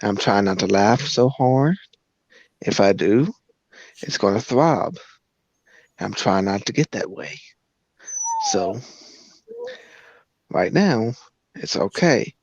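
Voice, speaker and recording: A man's voice: on the low side, lively intonation, breathy edge, dry recording. A man on a casual video call, talking hesitantly and holding back laughter. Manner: slow, hesitant, stifling laughs. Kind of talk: casual chat. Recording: dry dull lo-fi call audio.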